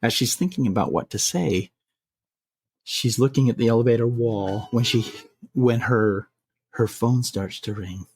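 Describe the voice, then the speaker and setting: Husky man telling a spooky story. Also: medium pitch, a little mellow. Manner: measured, slowing for suspense, some restarts. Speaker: podcast host telling a scary story. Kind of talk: spooky bedtime story narration.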